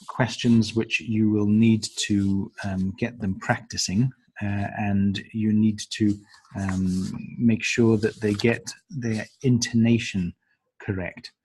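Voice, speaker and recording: A low-pitched, husky male voice takes listeners through the stages of a lesson plan. He speaks slowly and deliberately, and he often fills his pauses with ums and uhs. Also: warm tone. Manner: hesitant, many ums and uhs. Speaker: teacher trainer. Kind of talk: instructional walkthrough of a lesson plan.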